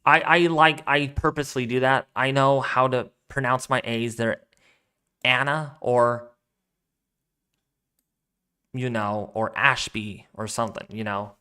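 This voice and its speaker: A man's voice: mid-range voice, fairly even intonation, unhurried, long pauses, bright, forceful tone, clean tone. A man hosting a weather live stream, chatting casually and rambling as he thinks aloud while reading out viewer donations. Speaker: weather livestream host.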